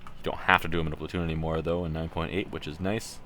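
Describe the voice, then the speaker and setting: A man's voice: rumbling low, flat delivery, quick pace, sharp tone, a little hiss or hum. A Canadian man from Ontario streaming a tank game, talking casually and thinking aloud as he plays. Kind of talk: live gameplay commentary.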